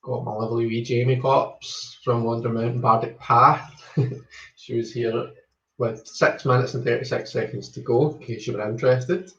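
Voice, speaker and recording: A man's voice: medium pitch, fairly even intonation, moderate pace, a bit bright. Chatty Scottish man in a roomy echo. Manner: chatty, greets viewers one by one, rambles with many ums. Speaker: tarot reader hosting a live stream. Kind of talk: casual live-stream chat. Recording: roomy, slightly dull home stream audio.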